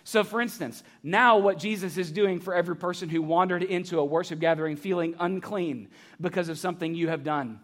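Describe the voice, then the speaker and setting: A man preaching a sermon to a church congregation, animated and joking, asking the crowd rhetorical questions. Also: high-pitched, a little fast. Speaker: pastor. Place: church sanctuary.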